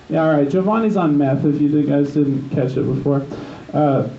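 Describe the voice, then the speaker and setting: A man's voice: on the high side, unhurried, gravelly. A man doing stand-up at an open mic, telling a rambling, profane story full of restarts and lost threads. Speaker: stand-up comedian. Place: open mic night in a gym bar. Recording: echoey, distant, dull live room recording.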